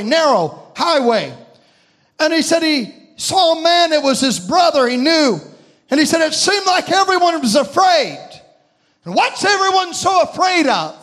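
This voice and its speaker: A man preaching a sermon, retelling a vision with impassioned, shouted peaks and slow, drawn-out phrases. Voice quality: high, ringing voice that rises into shouts.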